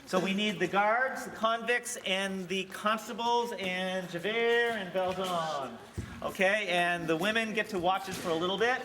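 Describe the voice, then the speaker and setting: A man's voice: high-pitched, unhurried, pushed and bright. Man directing a rehearsal in an echoey hall. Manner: earnest, coaching, lecturing. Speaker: theater director and teacher. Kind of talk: rehearsal instructions. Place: school theater hall. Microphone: distant camera mic. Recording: echoey hall, far off, noisy.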